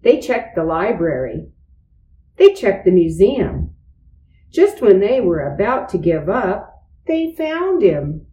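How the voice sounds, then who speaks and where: A woman slowly reading a children's storybook aloud. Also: mid-range voice, sing-song, mellow, reverberant, a little hiss or hum, poor audio. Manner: slow, deliberate. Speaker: reader.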